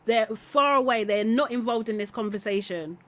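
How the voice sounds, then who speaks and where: Hosting a live recap podcast about a reality show, a woman shares blunt opinions in a casual, chatty way, laughing often and sometimes trailing off mid-thought. Her voice is on the high side with a fairly bright tone, at a normal speed.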